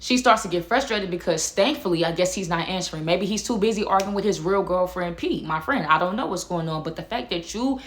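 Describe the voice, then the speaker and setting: Young woman doing a story time vlog, kinda low voice, dramatic and chatty, talks right to the viewers. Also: a little fast, few pauses, slight background noise. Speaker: YouTube storyteller. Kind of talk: casual story time to camera.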